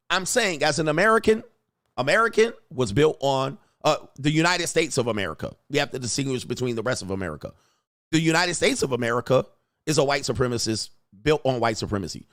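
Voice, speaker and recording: A man's voice: fairly high pitch, no room sound, clean studio sound. Blunt, emphatic male livestream coach. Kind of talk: livestream commentary reading chat.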